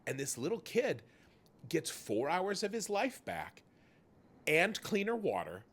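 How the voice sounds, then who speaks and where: A man hosting a charity livestream, telling stories in an animated way and swearing freely. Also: high-pitched, a little slow. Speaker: host. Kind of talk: casual charity stream chat.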